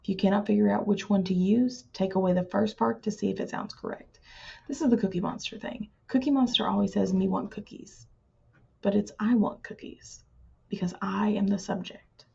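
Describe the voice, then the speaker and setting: A woman with a husky, breathy voice and a gravelly edge explains grammar to her writing students, patient and plain-spoken. Her tone is mellow and dark, and she stretches out words she wants to stress. The recording sounds dull and lo-fi. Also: mid-range voice, fairly quick. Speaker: writing teacher. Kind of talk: recorded classroom lesson.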